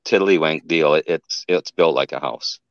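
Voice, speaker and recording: Deep voiced guy rambling thru his story, keeps correcting himself, dull dry call audio. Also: normal speed, dry recording. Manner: rambling, restarts and self-corrections. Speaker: guest telling an encounter. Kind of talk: casual storytelling.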